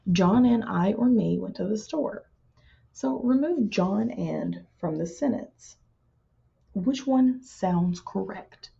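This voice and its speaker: Husky-voiced woman teaching writing, lo-fi. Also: medium pitch, warm tone. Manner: patient, plain-spoken explaining, with drawn-out emphasis. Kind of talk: recorded classroom lesson.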